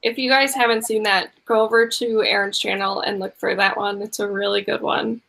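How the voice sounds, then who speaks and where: A woman's voice: mid-range voice, flat delivery, a little fast, creaky, sharp tone, rough recording. A woman hosting a casual chat, easygoing and encouraging, often laughing. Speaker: host.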